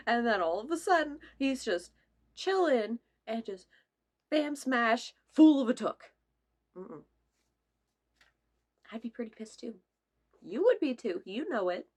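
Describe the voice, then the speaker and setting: A young woman vlogging casually, laughing often, swearing and putting on playful silly voices. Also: on the high side. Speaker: vlogger reacting to memes. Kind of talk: casual chat.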